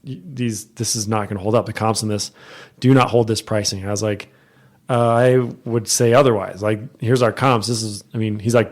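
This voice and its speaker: A man's voice: lowish voice, normal speed. A man co-hosting a podcast, casually telling a work story and acting out the people in it. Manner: animated, acts out quoted people. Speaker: real estate agent, podcast co-host. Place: podcast studio.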